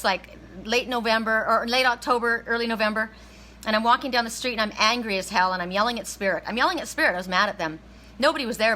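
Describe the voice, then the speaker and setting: A middle-aged woman, an oracle card reader, telling a personal story in a casual livestream, animated and laughing, with some swearing. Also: fairly high pitch, low-quality recording.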